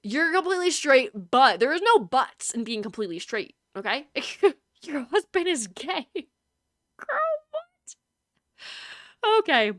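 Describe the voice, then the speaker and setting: A woman's voice: sits high, big pitch swings, moderate pace, no echo, studio quality. A woman streaming a video game, chatting casually with her viewers, teasing and laughing often.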